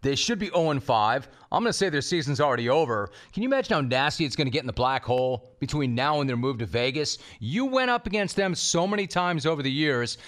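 A man's voice: a little high, animated, fast, hardly any pauses, a bit bright. Pointed male sports talk host. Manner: pointed, provocative questions.

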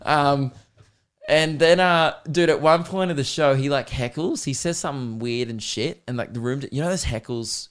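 A man's voice: mid-range voice, normal speed. Rambling Australian man with a podcast. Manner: rambling, profane comic storytelling. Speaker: podcast host. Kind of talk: casual podcast chat.

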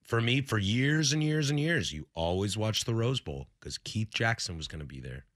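A man in his thirties hosting a casual sports talk show, telling animated stories and slipping into quick impressions. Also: fairly low pitch. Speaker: sports radio host.

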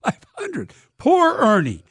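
A man, an author being interviewed, telling stories in a lively, dramatic way and acting out quotes. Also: very high voice, takes it slowly, no echo, studio quality. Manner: lively, dramatic storyteller who acts out quotes. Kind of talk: animated interview storytelling.

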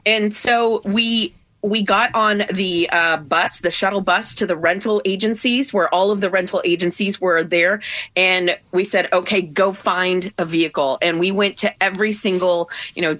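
A woman on a news radio show, telling a travel ordeal in an animated, emotional way, tearful at first. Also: fairly low pitch, moderate pace. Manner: emotional, animated storytelling with acted quotes. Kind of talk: on-air phone-in storytelling.

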